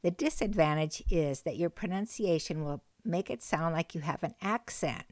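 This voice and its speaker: A woman teaching a recorded language lesson, speaking slowly and patiently and repeating key words with care. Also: fairly low pitch, darkish tone, dry recording. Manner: slow, careful, patient delivery with repeated phrases.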